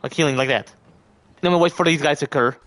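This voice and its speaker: A young man live-streaming a game, chatting with his viewers and reacting with loud, profane outbursts. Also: on the high side, quick pace. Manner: profane, talks to chat, reacts loudly. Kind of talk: casual live-stream gaming commentary.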